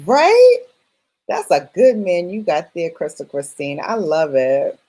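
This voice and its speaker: A woman's voice: mid-range voice, big pitch swings, slow, creaky, warm tone, rough recording. A woman hosting a late-night live stream, chatting casually and affectionately with viewers, laughing often and using playful slang. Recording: music in the background. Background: music playing.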